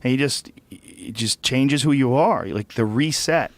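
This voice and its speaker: A man's voice: mid-range voice, lively intonation, measured pace, no echo. A man hosting a casual interview, reflective, with hesitant starts. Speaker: interview host. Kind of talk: casual conversation.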